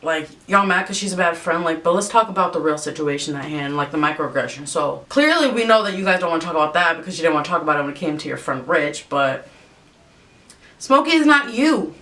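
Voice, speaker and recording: A woman's voice: quick pace, few pauses, a bit bright. A young woman vlogger ranting with a lot of swearing while she does her makeup at home. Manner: profane, exasperated ranting. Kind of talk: rant while doing makeup. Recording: slightly distant mic, faint rumble.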